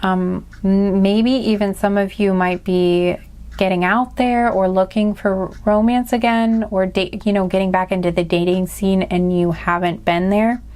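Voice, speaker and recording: A woman talks straight to the camera in a casual spiritual card reading, with a voice of ordinary middle pitch. She is earnest and heartfelt. She rambles and restarts her sentences often, with plenty of fillers along the way. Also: steady tone, unhurried, a little mellow. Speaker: tarot and oracle card reader.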